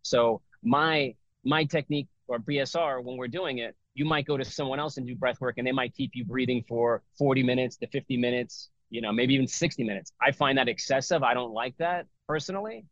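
A man's voice: medium pitch, a little fast, few pauses, fairly bright tone, no echo. Rambling middle-aged man, dull dry audio. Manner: loose, rambling, full of fillers and restarts. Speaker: breathwork and yoga teacher. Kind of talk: casual interview talk.

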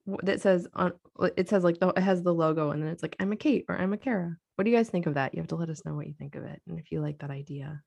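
A woman's voice: on the low side, fast talker, vocal fry, few pauses, a little mellow. A woman co-hosting a podcast as a homeschooling parent, talking in easy casual chat and laughing often. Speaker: podcast co-host.

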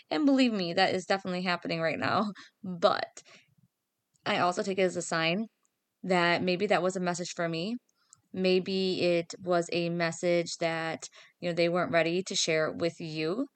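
A woman's voice: lowish voice, no echo. A woman hosting her own spiritual podcast as a psychic medium, talking casually in a chatty, upbeat, self-deprecating way. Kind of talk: casual solo podcast talk.

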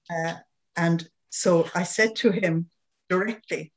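A woman's voice: lowish voice, takes it slowly. An older woman with an Irish accent telling a personal story as an interview guest, anecdotal, with frequent chuckles. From Ireland.

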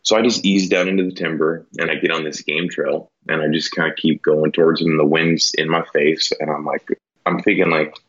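A man's voice: a bass voice, flat delivery, a little fast, fairly bright tone, breathy edge. A man telling a hunting story in a casual, rambling way, filling his talk with "you know" and "like". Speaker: podcast guest, elk hunter. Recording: dull lo-fi sound.

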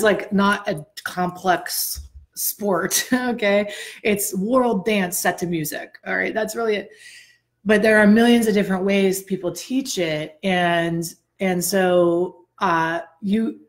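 A woman co-hosting a podcast, telling a story in a chatty, animated way and addressing listeners directly, a little out of breath. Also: medium pitch. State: slightly out of breath. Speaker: podcast co-host. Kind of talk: casual storytelling chat.

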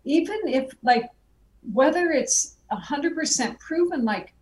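A female guest filmmaker speaking heartfelt and reflective in a conversational interview. Her slightly high voice sounds set back from the mic in a roomy space, with faint noise underneath. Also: expressive, unhurried, a little mellow, distant mic.

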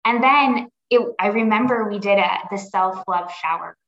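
Woman guest, reflective and earnest, mid pitch, echoey lo-fi remote audio. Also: a bit bright. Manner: earnest and reflective, pausing to rephrase. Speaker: podcast guest. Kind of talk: personal story in a podcast interview. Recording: roomy, dull lo-fi audio.

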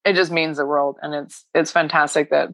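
A woman's voice: low-pitched, flat delivery, moderate pace, fairly bright tone, no echo. Emotional, laughing woman sharing her story. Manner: emotional, laughs often, rambling. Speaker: coaching client. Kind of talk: casual heartfelt chat.

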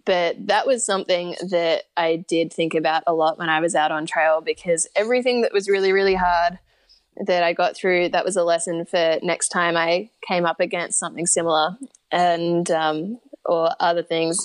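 A woman's voice: fairly low pitch, fairly even intonation, moderate pace, no echo. An upbeat, enthusiastic woman with an Australian accent, chatting casually as a podcast guest. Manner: upbeat, enthusiastic, laughs easily. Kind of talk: casual interview chat.

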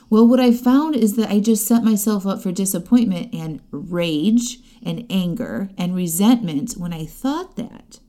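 A middle-aged woman life coach delivers podcast-style coaching, chatty and direct, often laughing as she talks. Her voice is mid-range with a dark tone.

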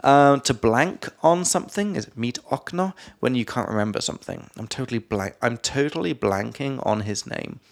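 A young Englishman from England co-hosts a podcast as an English teacher, casually explaining vocabulary and cracking jokes between terms. He laughs, stays loose and playful, and slips into silly voices. His mid-range, creaky voice is expressive, moves at normal speed, and barely pauses.

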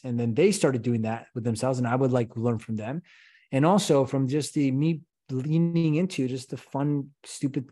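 Passionate man talking about leadership. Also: medium pitch. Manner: passionate, animated, rhetorical questions. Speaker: podcast guest, company CEO. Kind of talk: conversational interview.

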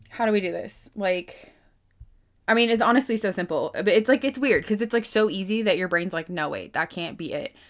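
A woman around thirty hosting a podcast, talking casually in a self-help monologue, full of "like" and free swearing, with emphatic jumps in pitch and loudness. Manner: chatty, lots of "like", swears freely, emphatic swings in pitch and loudness. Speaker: podcast host.

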